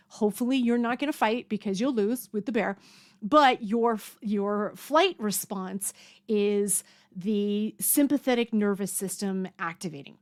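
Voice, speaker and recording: A woman's voice: medium pitch, measured pace. A woman giving a casual health lesson in a chatty way, full of fillers and restarts. Now and then she acts out a startled, panicky voice to make a point. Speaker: health coach. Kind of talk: casual educational talk. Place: home near a mountain lake.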